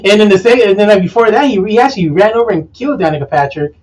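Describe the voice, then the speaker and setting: A young man co-hosting a casual sports talk show, rambling and halting, laughing often. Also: high-pitched, darkish tone, a little hiss or hum. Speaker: co-host. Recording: voice from far off the mic.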